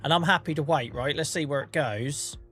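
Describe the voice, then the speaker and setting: A man's voice: on the high side, normal speed, fairly bright tone, husky, faint music behind. A man with a Norfolk accent, chatting casually to his live-stream viewers while gaming, self-mocking and laughing often.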